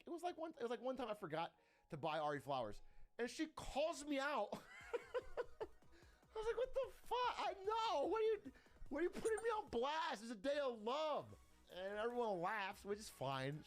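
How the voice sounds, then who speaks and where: A young man streamer telling a personal story in a casual, animated way, swearing often and laughing between lines. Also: on the high side.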